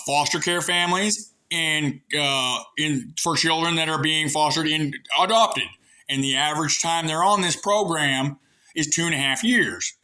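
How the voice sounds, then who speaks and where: Man, rural American accent, sarcastic rambling rant, sharp tense voice. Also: on the high side. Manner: sarcastic, ranting, digressive; folksy, coarse talk. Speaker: vlogger airing grievances. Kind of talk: rambling monologue to camera.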